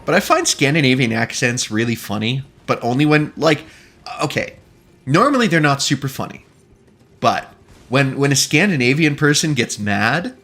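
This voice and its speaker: Lively, bright-voiced joking male streamer. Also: medium pitch, a little slow, gravelly. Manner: joking, chatty, laughs often. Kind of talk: casual gaming commentary.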